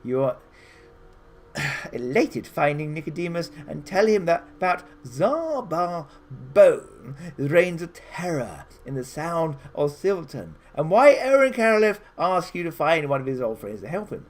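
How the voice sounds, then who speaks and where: A man's voice: a little high, big pitch swings, measured pace. A man hosting a gamebook playthrough, reading the story aloud with theatrical, chatty asides. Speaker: game host.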